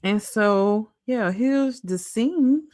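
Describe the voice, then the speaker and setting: Slow, animated woman commentator. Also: on the high side, no room sound, clean studio sound. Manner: animated, exclamatory, talks straight to viewers. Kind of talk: casual reaction commentary.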